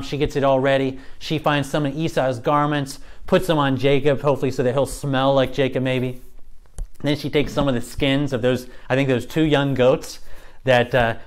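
A man teaching a Bible story in a casual, conversational way, retelling scenes with lively storytelling. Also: medium pitch.

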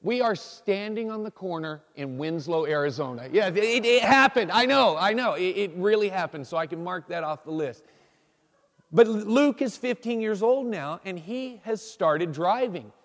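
A pastor in his forties gives a relaxed, homey sermon, joking about himself and often restarting his sentences. His voice sits fairly high for a man. The sound rings with the long reverb of a church sanctuary. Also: normal speed. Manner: folksy, self-deprecating, frequent restarts. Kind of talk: casual sermon.

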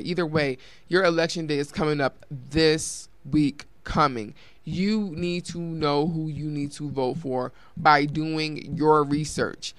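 A woman's voice: deep voice, no echo. A woman from Colorado hosting a talk show, closing it with casual announcements and emphatic, repeated appeals to listeners. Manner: emphatic and repetitive, addresses listeners as y'all.

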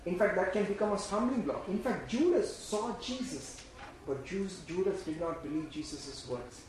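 A man preaching a sermon in an emphatic, repetitive way, swinging between loud bursts and hushed lines, and leading the congregation in repeating phrases. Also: sits high, normal speed, a little hiss or hum. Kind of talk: sermon with call-and-response. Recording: very echoey room.

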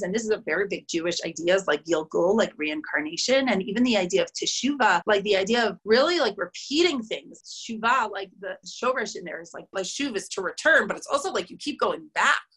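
A woman's voice: mid-range voice, a bit bright, breathy edge. A woman in her thirties or forties, a guest talking casually and loosely, with lots of fillers and restarts. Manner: rambling, many "like" fillers, restarts mid-thought. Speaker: interview guest, spiritual reader. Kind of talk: casual conversational explaining.

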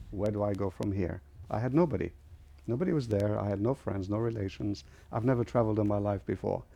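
Speaking low with a creaky, dark tone, this older man from Lebanon recounts his life as an interview guest. He founded an airline and tells his story vividly, imitating the voices of other people.

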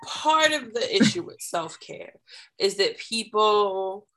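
A woman guest on a podcast explaining parenting and self-care ideas in a measured, deliberate way, building each point step by step. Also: medium pitch, expressive, fairly bright tone. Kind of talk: explanatory conversational advice.

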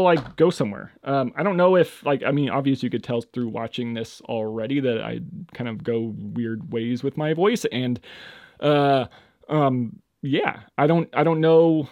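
A young man hosting his first solo podcast, rambling with lots of fillers, his voice jumping between loud and quiet as he drifts on and off the microphone. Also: no room sound, highs cut off. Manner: rambling, lots of fillers, swings in loudness and pitch. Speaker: podcast host. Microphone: home microphone, moves on and off it.

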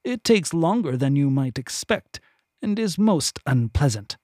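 A man's voice: on the high side, big pitch swings, unhurried, darkish tone, dry recording, studio quality. A man voicing a cold, commanding woman interrogator in a fantasy audiobook, with clipped, icy speech.

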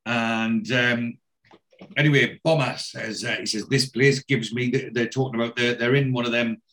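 A man's voice: medium pitch, steady tone, moderate pace, pushed and bright. Rambling man recapping scenes. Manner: rambling, with many ums and restarts. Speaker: podcast co-host. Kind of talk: casual chat retelling a TV scene.

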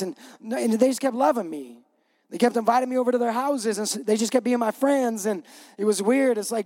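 With a high, darkish voice and a brisk delivery, a middle-aged pastor gives an emphatic, conversational sermon that circles back to the same punch lines. At moments he becomes choked up and laughs through it.

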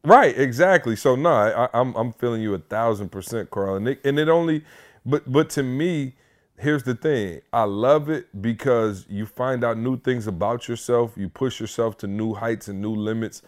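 A man's voice: mid-range voice, moderate pace. A man co-hosting a podcast, talking emphatically and encouragingly in casual chat. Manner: emphatic, encouraging, repeats himself. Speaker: podcast co-host.

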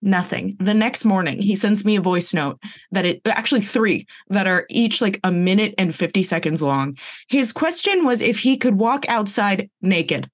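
A woman co-hosts a casual podcast, spinning a story in her middle-pitched voice. She talks in a loose, rambling way, fills her speech with "like" and "um", and acts out the lines of people in her story. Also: normal speed. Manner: animated storyteller who acts out quoted dialogue; frequent fillers like "like" and "um". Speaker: podcast co-host.

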